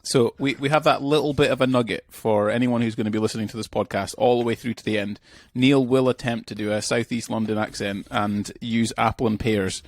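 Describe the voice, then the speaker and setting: A man's voice: mid-range voice, steady tone, brisk, few pauses, no room sound, studio quality. Chatty, joking male podcast host. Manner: jokey, meandering banter. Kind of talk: casual podcast chat.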